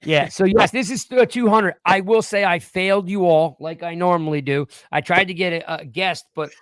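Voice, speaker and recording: A man's voice: sits high, normal speed, a bit bright, clear, resonant tone, dry recording. A man in his forties hosting a casual live-stream chat, rambling and joking, with frequent restarts. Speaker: podcast host.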